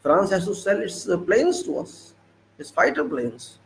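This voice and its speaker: An Indian man with a fairly high voice delivers an indignant monologue, full of rhetorical questions and repeated points. His accent is Indian English. A faint hum sits behind him. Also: very animated, a little slow, vocal fry, low-quality recording. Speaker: political commentator. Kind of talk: monologue commentary.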